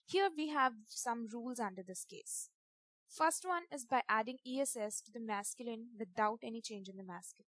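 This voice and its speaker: A woman, teaching a grammar lesson over slides in a methodical way, spelling out letters and repeating examples slowly. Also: a little high, animated, a bit bright, dry recording.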